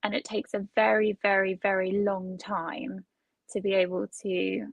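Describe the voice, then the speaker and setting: A woman's voice: mid-range voice, flat delivery, a little slow, creaky, no echo, low-quality recording. A woman who is a guest on a casual chat, asking one question after another. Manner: inquisitive, asks many questions.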